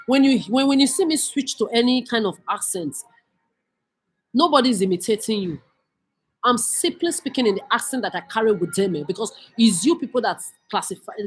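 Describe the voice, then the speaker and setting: A woman's voice: mid-range voice, a little hiss or hum. A woman from Nigeria, delivering a heated, profane, accusing rant as a vlogger. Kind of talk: angry profane rant to camera.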